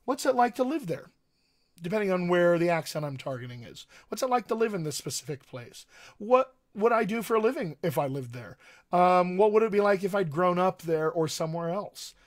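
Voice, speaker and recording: American man, dialect coach on a livestream, earnest and emphatic, slightly higher voice, repeats his points. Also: expressive, fairly quick. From United States. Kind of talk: livestream teaching talk.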